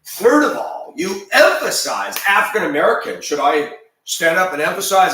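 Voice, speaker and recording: A man in his fifties delivers a ranting monologue as a video commentator, emphatic and rambling with repeated restarts. His voice is high-pitched and sing-song with a sharp tone at normal speed. He sounds echoey and off-mic, on a distant microphone.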